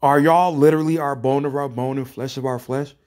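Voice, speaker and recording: A man's voice: medium pitch, steady tone, brisk, darkish tone. A man reacting to viewer comments in a rant that is exasperated, profane and sarcastic. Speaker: commentary streamer.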